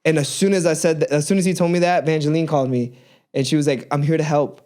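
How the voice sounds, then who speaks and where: Male co-host with a slightly high voice, lively storyteller who voices every character in his anecdotes. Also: fast. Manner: animated storyteller, acts out dialogue. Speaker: podcast co-host. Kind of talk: casual faith chat.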